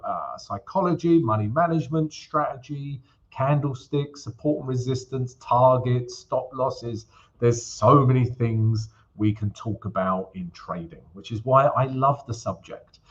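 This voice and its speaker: A man hosting a live trading stream in a loose, chatty way, peppering his talk with fillers and friendly asides to his viewers. His voice sits at an ordinary middle pitch. The sound is dull and lo-fi. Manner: chatty, keeps calling the audience "guys", many fillers. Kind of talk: casual live-stream chat and chart walkthrough.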